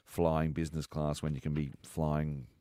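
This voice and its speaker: A man's voice: extremely low pitch, little pitch movement, normal speed, dark tone, dry recording. A man co-hosting a comedy radio show, dry and matter-of-fact. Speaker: radio co-host.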